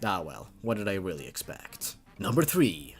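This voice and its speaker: A man's voice: low-pitched, big pitch swings, moderate pace, slightly rough, soft background music. A man hosting a comedic read-through of bad horror stories, sarcastic and mocking and prone to laughing. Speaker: YouTube host reviewing creepypastas.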